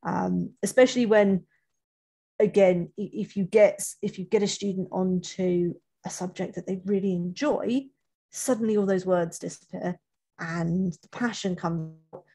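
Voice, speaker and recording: Woman interview coach, low husky voice with a gravelly edge, chatty webinar talk, restarts her sentences a lot. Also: unhurried, warm tone. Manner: chatty, self-correcting, many restarts.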